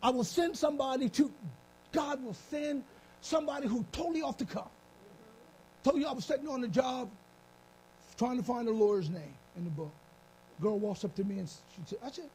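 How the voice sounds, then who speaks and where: High-pitched gravelly preaching man. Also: moderate pace, long pauses, a little hiss or hum. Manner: animated, comic, calls out to congregation. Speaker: bishop preaching. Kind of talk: live church sermon. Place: church.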